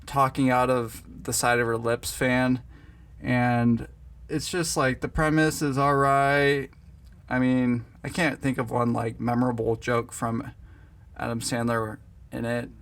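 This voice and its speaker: Laid-back man with a gravelly voice. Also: mid-range voice, fairly bright tone. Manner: laid-back, opinionated, quotes movie lines. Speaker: podcast co-host. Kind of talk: casual chat.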